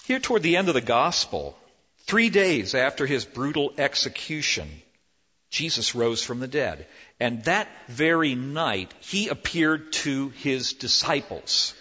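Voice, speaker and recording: A man preaching a sermon as pastor, animated, swinging between loud emphasis and hushed, slow lines. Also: mid-range voice, breathy edge. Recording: dull lo-fi with long hall reverb.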